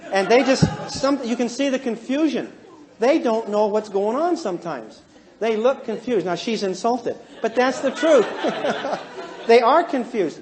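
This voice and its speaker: High-voiced man joking through a lecture. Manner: animated, joking, asks the audience questions. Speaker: counselor teaching a class. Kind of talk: humorous lecture to a live class.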